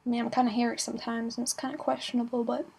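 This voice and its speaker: A young woman chatting casually in a travel vlog, giggly and playful with quick asides. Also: on the high side, level tone, gravelly, a little mellow, slightly rough. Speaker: vlogger.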